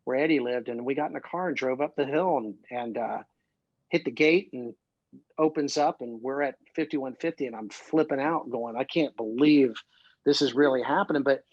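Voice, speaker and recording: A male musician guest from Ohio, telling excitable, rambling stories full of fillers in a casual interview. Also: medium pitch, normal speed, no echo, dull audio. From Columbus, Ohio.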